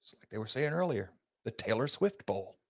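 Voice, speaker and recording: Man, middle-aged, gravelly voice, talk show host, preachy, folksy, emphatic. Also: big pitch swings, moderate pace, darkish tone. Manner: folksy, preachy and emphatic, with big pitch swings. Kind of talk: opinion talk show monologue.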